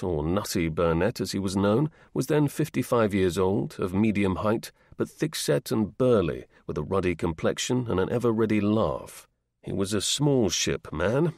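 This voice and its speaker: A man reading a history audiobook in a measured, steady narrating voice. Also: lowish voice, gravelly, no echo, clean studio sound. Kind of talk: scripted narration.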